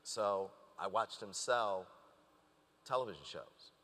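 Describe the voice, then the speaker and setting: Bright-toned man telling stories in a reverberant space. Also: lowish voice, takes it slowly. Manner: animated storyteller who acts out quoted dialogue. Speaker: interview guest, entrepreneur. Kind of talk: storytelling in a conversational interview.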